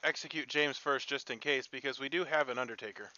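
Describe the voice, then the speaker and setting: A man's voice: medium pitch, fast, bright, forceful tone. A man playing a social deduction game, blunt and dismissive in casual discussion. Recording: dull lo-fi mic.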